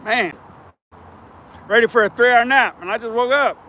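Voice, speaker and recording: A man hosting a fishing livestream outdoors on a riverbank, chatting casually in a hoarse, scratchy voice and rambling as he repeats himself. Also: very high voice, normal speed, pushed and bright. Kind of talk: casual live-stream chat.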